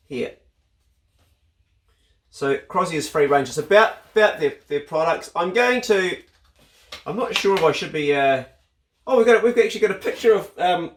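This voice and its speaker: A New Zealand man vlogging casually, excitable and swearing freely as he unpacks a parcel. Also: fairly high pitch, reverberant. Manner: excitable, swears freely, bursts into loud exclamations. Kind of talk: casual vlog unboxing.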